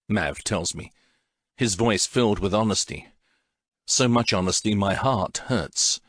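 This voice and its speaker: A man's voice: on the low side, unhurried, fairly bright tone, no room sound, clean studio sound. A man narrating a first-person audiobook in an emotional, intense way.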